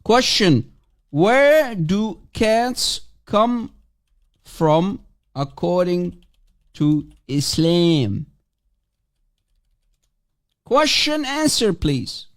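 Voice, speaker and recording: Male stream host, taunting and playful, fairly high voice that swings widely. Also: very animated, drawn-out words, long pauses. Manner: mocking and provocative, repeats and teases. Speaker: livestream host. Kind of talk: casual livestream chat taking guests.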